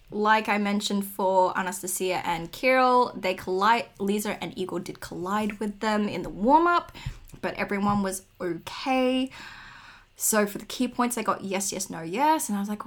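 A woman's voice: mid-range voice, fairly bright tone. A young woman co-hosting a podcast, chatting casually with opinionated asides. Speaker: podcast co-host. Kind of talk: casual chat, figure skating commentary.

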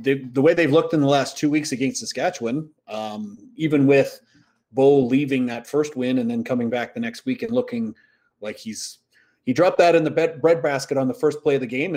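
Male sports-talk co-host, mid-pitched, easygoing rambling conversationalist. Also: a little fast, darkish tone. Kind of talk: casual sports chat.

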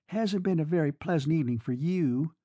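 A man lifting his voice into a coy young Southern woman with a Southern drawl, sparing with her words; a soft, hesitant storybook voice, mellow and dry, close to the microphone. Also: a little high, fairly quick, no echo, natural voice. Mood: shy, coy.

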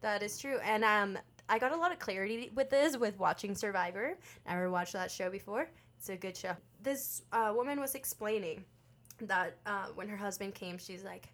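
A young woman co-hosting a casual chat, an expressive storyteller who laughs often. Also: mid-range voice, normal speed. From Mexican heritage.

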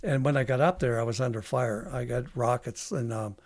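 A man, a veteran guest on a podcast, telling a long story in a halting way with many restarts. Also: mid-range voice, no echo. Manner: halting, with frequent restarts and fillers. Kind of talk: casual storytelling interview.

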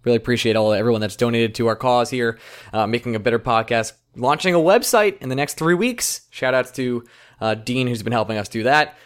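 A man hosting a casual podcast, excitable and joking, with quick outbursts. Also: mid-range voice, clean tone. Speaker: podcast host.

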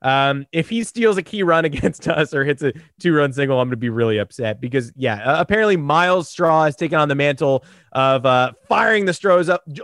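Hoarse, high-voiced sports podcast host. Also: male voice, brisk, few pauses, no echo, clean studio sound. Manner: animated, sarcastic, rambling. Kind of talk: casual sports podcast chat.

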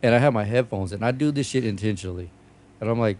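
A man's voice: medium pitch, lively intonation, fast talker, a little mellow. A man swapping profane, laughing stories in a casual chat among friends. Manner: profane storytelling, laughing often.

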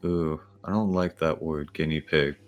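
Very deep-voiced male player. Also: steady tone, unhurried. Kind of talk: playing a tabletop game.

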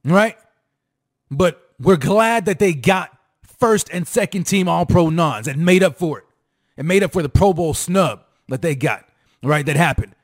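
Man, high voice, hyped sports talk host, sing-song emphasis, repeats himself. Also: lively intonation, unhurried. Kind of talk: fired-up sports commentary to fans.

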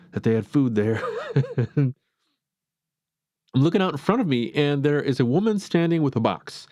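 A man's voice: mid-range voice, darkish tone, no room sound. Male podcast host, chatty and opinionated, dry close-miked recording. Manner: chatty and rambling, self-described as opinionated. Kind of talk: casual film review monologue.

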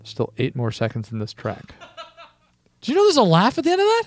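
High-voiced man, teasing podcast banter. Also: huge pitch swings, a little fast. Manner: joking, teasing, laughing often. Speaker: podcast co-host and band member. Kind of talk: casual chat.

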